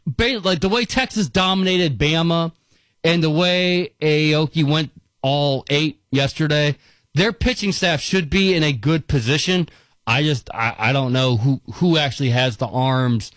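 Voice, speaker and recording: A man hosting a casual sports talk radio show, animated and quick to react and laugh. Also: a little high, dry recording.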